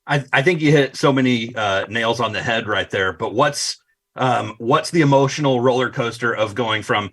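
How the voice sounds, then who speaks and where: A man's voice: mid-range voice, normal speed, a bit bright. A man co-hosting a podcast, putting a thoughtful question to a guest in casual chat. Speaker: podcast co-host.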